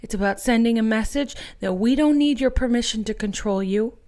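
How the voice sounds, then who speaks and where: A woman's voice: a little high, brisk, warm tone. Fiery, profane woman ranting. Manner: angry, profane, rallying; addresses listeners as friends. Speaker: activist podcast host. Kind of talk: impassioned political monologue.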